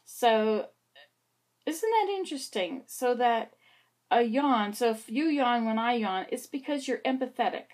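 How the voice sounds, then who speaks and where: Speaking to a camera set up like a mirror, a woman vlogs in a meandering, chatty way, tossing in little asides to herself. Her voice sits on the high side and sounds expressive, unhurried and a bit mellow.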